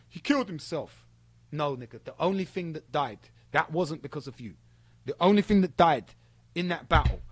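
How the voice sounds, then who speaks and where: A man's voice: fairly high pitch, no room sound. Profane, heated man ranting. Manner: heated, profane, sarcastic, mocking. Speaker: streamer calling out a rival. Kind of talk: angry callout rant.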